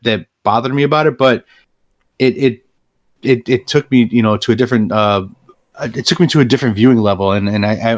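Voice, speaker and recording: A man co-hosting a casual movie review podcast, rambling and repeating words as he talks. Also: mid-range voice. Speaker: podcast co-host. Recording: dull lo-fi sound.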